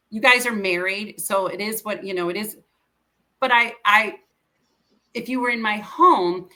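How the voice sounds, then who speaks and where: Earnest bright-voiced middle-aged woman. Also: on the high side. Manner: earnest, emotional, quotes others in conversation. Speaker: interview guest. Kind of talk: personal storytelling.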